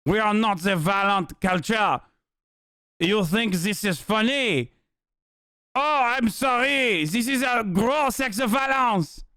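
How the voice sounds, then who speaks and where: A pompous, indignant Frenchman played by a man with a heavy mock French accent. He shouts his outrage in a high, strained pitch. The sound is close and dry. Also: slow pace, clear, resonant tone, no echo, heavily acted. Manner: exaggerated, shouting, mocking.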